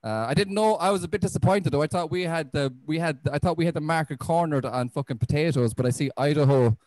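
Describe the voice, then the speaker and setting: A young Irish man doing a stand-up comedy set on a club stage, deadpan and self-deprecating, with frequent swearing. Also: on the high side, fast, no room sound, low-quality recording. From Ireland.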